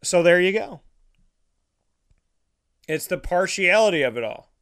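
A man's voice: high-pitched, lively intonation, unhurried, fairly bright tone, clear, resonant tone. A man broadcasting a live sports talk show, ranting with heated sarcasm and lots of repetition.

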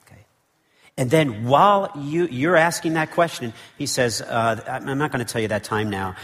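A man's voice: mid-range voice, moderate pace, fairly bright tone, in a large hall. A man preaching a sermon as pastor. He tells the story with animation, asks the congregation rhetorical questions and often checks in with "okay?". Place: church sanctuary.

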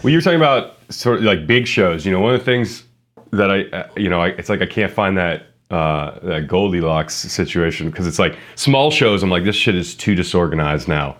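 A man hosting a casual podcast, talking in a relaxed, meandering way with plenty of filler words. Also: sits low, a little fast. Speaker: podcast host.

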